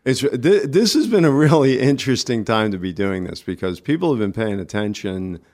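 A man with a New York accent, a guest on a casual radio interview, talking in halting bursts with many restarts. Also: lowish voice, animated, a little mellow. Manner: halting, restarts often, friendly. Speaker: community organizer guest.

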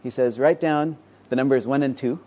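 A mathematician and professor explains ideas in a conversational interview, his voice mid-range and mellow. He's patient and teacherly, though he moves at a quick pace.

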